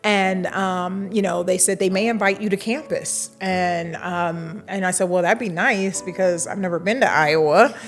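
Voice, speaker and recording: A middle-aged university administrator tells a lively story in an interview, acting out the dialogue and laughing now and then. Her voice is lowish, at a normal speed, with few pauses.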